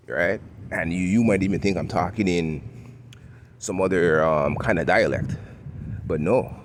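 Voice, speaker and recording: A man with a Toronto accent and a very low, deep voice talks casually while walking outdoors. He sounds laid-back, chuckles often and keeps checking in with "right?". A faint city hum runs behind him. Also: a little slow. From Canada. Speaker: vlogger. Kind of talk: casual walking vlog monologue.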